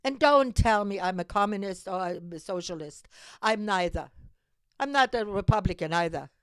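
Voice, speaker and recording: An animated European woman, host of her own civic call-to-action show, urges listeners to engage in an impassioned monologue aimed directly at the camera. She speaks at normal speed in a clean, mid-range voice, sounding urgent and exhorting and repeating herself for emphasis. No room sound is present.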